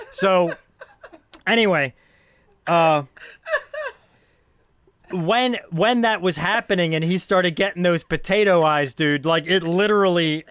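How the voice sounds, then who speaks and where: A man's voice: sits high, fairly bright tone, dry recording. A man hosting a casual film podcast, rambling and thinking aloud, laughing often as he talks. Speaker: podcast host.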